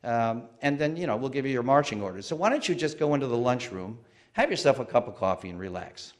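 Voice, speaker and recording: A man's voice: mid-range voice, animated, fast talker, close to an everyday voice. A man voicing a plain male factory dispatcher giving instructions in a matter-of-fact way. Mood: instructing.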